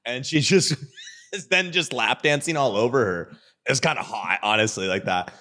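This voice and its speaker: A man's voice: mid-range voice, normal speed, bright, forceful tone. A young man guest on a podcast, telling crude stories in casual chat and joking and laughing as he goes.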